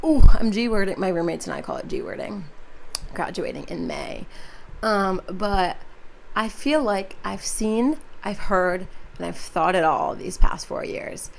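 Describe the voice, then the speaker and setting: A woman's voice: medium pitch, expressive, normal speed, gravelly. A twenty-one-year-old woman hosting her own podcast, talking casually and chattily with lots of "like" and "um". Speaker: podcast host.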